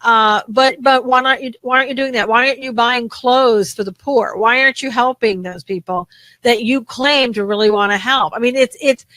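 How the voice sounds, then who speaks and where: A woman co-hosting a casual political talk show, talking in an animated, indignant way with frequent restarts. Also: on the high side, normal speed, dry recording, poor audio. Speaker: co-host.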